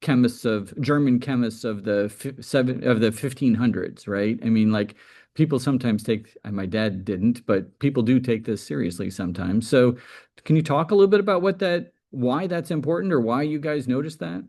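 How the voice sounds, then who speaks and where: A man moderates a university panel in a relaxed, conversational voice, setting up questions for the other speakers. His voice sits in the middle range for a man. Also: medium pitch, normal speed. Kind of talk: panel discussion.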